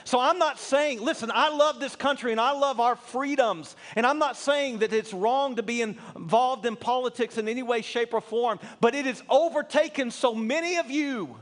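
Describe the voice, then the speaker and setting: High-voiced fervent preaching man. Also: normal speed, hardly any pauses. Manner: earnest, builds from quiet asides to fervent appeals. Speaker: pastor. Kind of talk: sermon.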